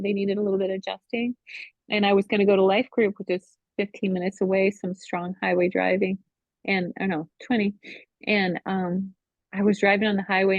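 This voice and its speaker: A middle-aged woman sharing a personal faith testimony at a Bible study, speaking in an emotional, halting way full of "you know". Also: mid-range voice, a little mellow, no room sound. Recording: tinny phone-line sound, dry.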